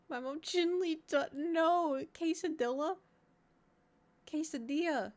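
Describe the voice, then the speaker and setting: Woman, live streamer, casual chat, rambling, self-mocking, mid-pitched. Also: normal speed.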